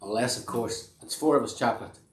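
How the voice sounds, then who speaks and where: A man's voice: mid-range voice, a little fast, very noisy. A man hosting a casual live-stream chat, rambling and self-deprecating with many restarts. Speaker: host and band member. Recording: echoey room.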